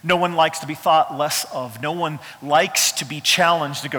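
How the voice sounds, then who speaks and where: A man's voice: high-pitched, animated, moderate pace, hardly any pauses, sharp tone. A middle-aged man, a pastor, preaching a sermon in an emphatic, conversational way with touches of humor, in a church. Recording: reverberant hall sound.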